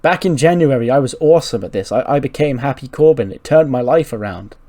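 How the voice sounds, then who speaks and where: A man's voice: medium pitch, animated, fairly quick, dark tone, natural voice. A man voicing a down-on-his-luck male gambler who keeps betting, self-pitying and stubborn.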